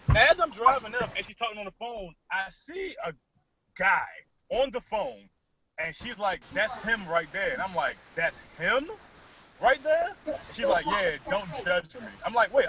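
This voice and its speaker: A man co-hosting a podcast, telling a story in casual chat, cursing freely and animated. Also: high voice. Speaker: podcast co-host. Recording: dull lo-fi podcast recording.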